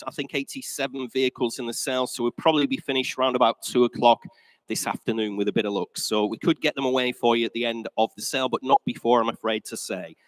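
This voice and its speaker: A man's voice: medium pitch, no echo, poor audio. A male auctioneer, chatty and jokey, slightly out of breath as he opens a live auction sale. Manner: chatty, jokey, addresses the room as ladies and gentlemen. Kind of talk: live auction opening announcements. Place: large indoor auction sale room.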